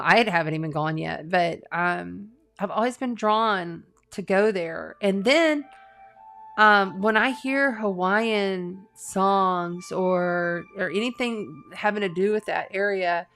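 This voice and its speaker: A woman's voice: mid-range voice, slow pace, a bit bright, soft background music. A middle-aged woman, an astrologer and tarot reader, chatting casually on a live stream, earnest and talkative with lots of fillers and restarts. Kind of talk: casual live-stream chat reading viewer comments.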